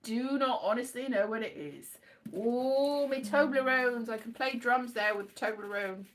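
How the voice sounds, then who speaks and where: A woman's voice: fairly high pitch, normal speed, a little hiss or hum. A woman vlogging in a rambling casual monologue, playful and silly, slipping into sing-song asides.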